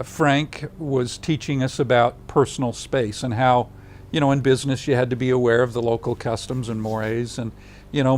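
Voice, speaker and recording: An older man being interviewed, telling a personal story in a lively way, acting out what others said and dropping to a hushed voice at tender moments. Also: medium pitch, a little hiss or hum. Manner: animated storyteller who acts out others' lines.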